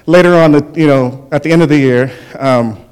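A man sharing his testimony at church, telling stories in an animated way and often chuckling. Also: on the high side, normal speed, clear, resonant tone. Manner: animated storytelling with frequent chuckles. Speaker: church speaker. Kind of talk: spoken testimony.

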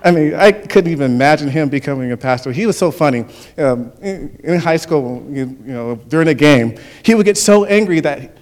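Man giving a church testimony, lively, chuckling storyteller. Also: a little high, brisk. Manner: animated storytelling with frequent chuckles. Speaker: church speaker. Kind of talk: spoken testimony.

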